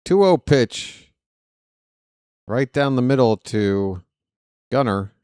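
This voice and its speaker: A man doing live play-by-play of a baseball game for viewers, chatty and joking with the chat between pitches. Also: animated, takes it slowly, a little mellow, smooth, dry recording, studio quality. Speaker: fan play-by-play announcer.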